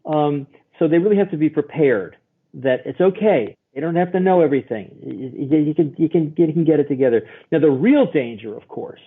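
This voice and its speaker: Husky man on a tinny phone line. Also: fairly high pitch, brisk. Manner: acts out quoted voices, animated storytelling. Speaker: guest therapist. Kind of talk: expressive explaining.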